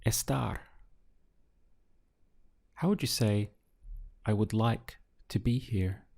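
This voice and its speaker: A male teacher speaks in an unhurried, measured way, posing a phrase to translate and then calmly supplying the answer. His voice sits low and has a dark, mellow tone. He sometimes splits words into syllables for practice. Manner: poses prompts, pauses, then gives answers syllable by syllable. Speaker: language teacher. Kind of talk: slow, deliberate audio language lesson.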